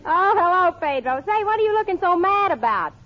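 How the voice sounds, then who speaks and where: A giggly folksy country girl, high-voiced. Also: big pitch swings, fairly quick, over a noisy crowd, very noisy. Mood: cheerful. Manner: folksy, giggly, rural slang. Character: folksy naive country girl, young woman, cheerful. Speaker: show star. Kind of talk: 1940s radio comedy acting. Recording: muffled old radio broadcast, studio audience.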